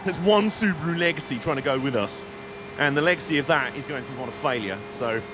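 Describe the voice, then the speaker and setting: Talking fast in a fairly high voice over a noisy background, a British man live-streams himself driving in a racing game. His commentary is casual and chatty, full of jokes, and he reads viewer chat aloud.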